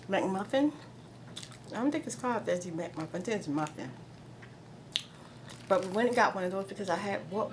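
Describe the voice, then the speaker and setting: A middle-aged woman chats away on her video blog, rambling from one thing to the next and tossing in exasperated asides. Her voice sits at an ordinary pitch, with clear background noise under the recording. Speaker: vlogger host. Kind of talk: casual chat.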